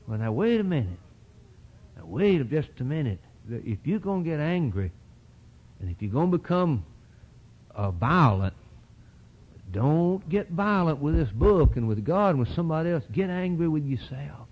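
A man preaching an impassioned sermon, with a folksy, repetitive cadence, surging to loud peaks and dropping to low, quiet asides. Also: sing-song, normal speed, pauses often, breathy edge, dull audio.

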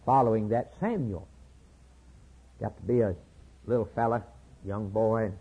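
A man preaches with a husky, breathy voice, hammering points home by repeating phrases. His sermon comes through a thin, phone-like recording with little low end. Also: measured pace. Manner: emphatic, repeats key phrases, retells scripture with acted voices.

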